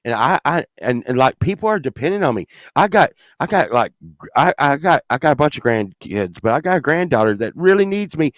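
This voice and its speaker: A man's voice: mid-range voice, very animated, a little fast, dry recording. A man in his fifties telling a story in a casual, profane, rambling way, swinging from mumbling asides to indignant rants. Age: 50s.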